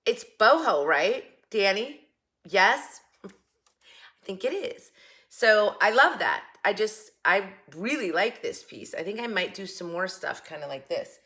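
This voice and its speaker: A woman's voice: medium pitch, animated, unhurried, bright, forceful tone. A woman hosting a craft vlog, showing off her projects in a chatty, enthusiastic way, often restarting her sentences. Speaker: craft channel host. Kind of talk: casual show-and-tell craft vlog.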